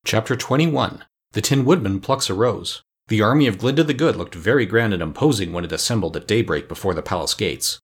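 A man narrating a classic children's storybook in a measured, even reading. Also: lowish voice, slightly rough. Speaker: audiobook narrator. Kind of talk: scripted narration.

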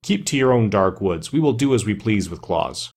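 A man's voice: fairly low pitch, animated, moderate pace, a little mellow. A man voicing a fierce defiant creature king. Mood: angry. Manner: fierce, impudent, threatening.

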